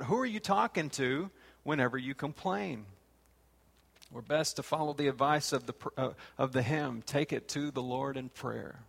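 A man's voice: medium pitch, gravelly, a bit bright. A man preaching a sermon and reading scripture aloud, his voice rising and falling. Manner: rises and falls, reads scripture aloud. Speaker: pastor. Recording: long hall reverb.

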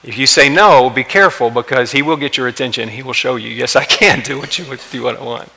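Brief: male preacher, sermon delivery, emphatic swells and hushed drops, forceful bright tone. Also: mid-range voice, a little fast, vocal fry, rough recording. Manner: impassioned, rising to emphatic peaks then dropping quiet. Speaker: pastor.

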